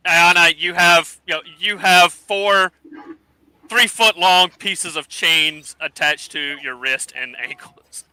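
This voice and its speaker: A man narrating a tabletop game as game master, halting often with fillers as he thinks. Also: sits high, steady tone, sharp tone, smooth, no echo, poor audio.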